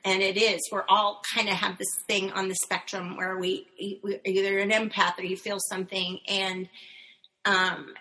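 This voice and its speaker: A middle-aged woman chatting casually on a panel, animated and telling stories with frequent laughter. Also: medium pitch, poor audio. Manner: animated, storytelling, laughs often. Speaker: panel guest, puppeteer.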